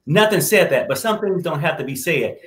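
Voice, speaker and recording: A man's voice: on the high side, lively intonation, brisk, fairly bright tone, reverberant. A man co-hosting a casual chat, giving his opinions at length and talking over the others. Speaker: co-host.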